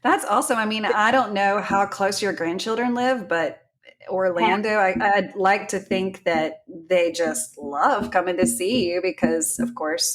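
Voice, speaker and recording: A woman's voice: mid-range voice, low-quality recording. A woman with a Southern US accent, hosting a podcast in chatty, casual conversation and laughing often. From Texas. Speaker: podcast host. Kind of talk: casual chat.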